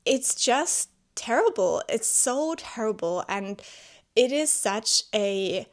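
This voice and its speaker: A woman's voice: on the high side, takes it slowly. A woman vlogging from home about a novel, talking in a loose, chatty way with lots of fillers and self-corrections. She speaks English as a second language and sounds openly moved, often exclaiming as she goes. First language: not English. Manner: chatty, heavy use of "like" and restarts; emotionally animated, exclaiming. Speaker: book vlogger. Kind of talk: casual spoken book review. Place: at home with her cat.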